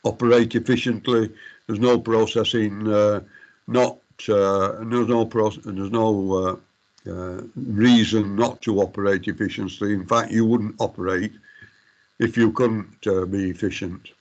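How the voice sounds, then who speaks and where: A man's voice: fairly low pitch, fairly even intonation, measured pace, dull audio. A middle-aged man giving a university lecture, formal but hesitant, full of fillers and restarts. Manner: addresses students formally as ladies and gentlemen.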